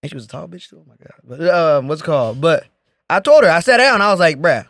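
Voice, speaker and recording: A man's voice: a little high, fast, no echo, studio quality. A man co-hosting a podcast, telling a story in casual chat and acting out the quotes. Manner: animated, acts out quotes in shifting voices. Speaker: podcast co-host.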